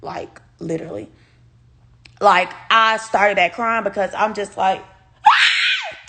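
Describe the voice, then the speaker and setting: A young woman speaking tells her viewers a personal story. She is animated and swears freely, talking straight to her audience in a casual storytime vlog. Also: mid-range voice, unhurried, gravelly, a little hiss or hum. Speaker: vlogger.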